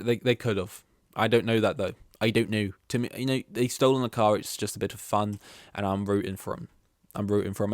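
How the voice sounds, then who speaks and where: A man's voice: lowish voice, no room sound, clean studio sound. A young man from England rambling casually on a solo podcast, often cutting himself off mid-thought. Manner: meandering, self-interrupting, casual. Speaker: podcast host.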